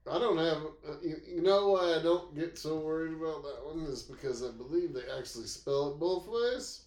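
A man's voice: on the high side, normal speed, a little mellow, echoey room. A man co-hosting a podcast, teasing and opinionated about how words should be pronounced. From Florida. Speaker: podcast co-host. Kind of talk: casual podcast chat.

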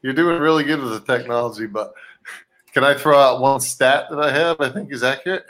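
A man's voice: medium pitch, brisk, a bit bright. A man co-hosting a live podcast in casual chat, laid-back and joking, laughing often. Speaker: podcast co-host.

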